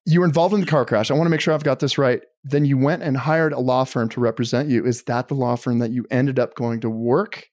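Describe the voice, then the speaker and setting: A man's voice: medium pitch, fairly even intonation, fast talker, hardly any pauses, a little mellow, no echo, clean studio sound. A man hosting a podcast, asking questions in an upbeat, joking and encouraging way. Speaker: podcast host. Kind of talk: casual podcast interview.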